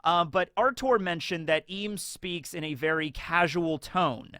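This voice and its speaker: A man's voice: a little high, a little slow, bright, forceful tone, dry recording, clean studio sound. A man hosting a casual fan theory video who rambles and leans on filler words. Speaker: YouTube host.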